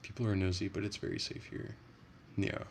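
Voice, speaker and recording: A man's voice: deep voice, level tone, a little fast, gravelly, slight background noise. A man chatting casually on a livestream, rambling and profane, with frequent restarts.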